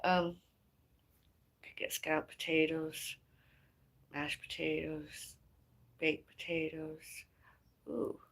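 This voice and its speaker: A woman's voice: low-pitched, flat delivery, slow pace, creaky, long pauses. A woman chatting casually on a livestream. She rambles and muses aloud, trails off mid-thought, and sighs between ideas.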